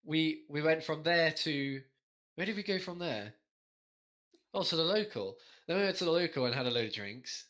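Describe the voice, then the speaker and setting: A man's voice: on the high side, expressive, moderate pace, a bit bright. A young man, co-hosting a podcast in a rambling, storytelling way with a lot of swearing. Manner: rambling storyteller, heavy swearing, frequent laughs. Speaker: podcast co-host. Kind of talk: casual chat.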